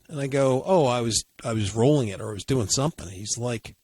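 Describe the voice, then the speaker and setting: A man's voice: medium pitch, fairly quick, darkish tone. A man co-hosting a podcast, telling a long story in casual chat with many fillers and restarts. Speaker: podcast co-host.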